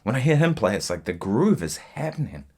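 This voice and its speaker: A man giving a casual guitar lesson, chatting in a relaxed, rambling way with lots of fillers and asides, guitar in hand. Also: medium pitch, a little fast. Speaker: guitar teacher. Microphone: single mic, holding guitar while talking.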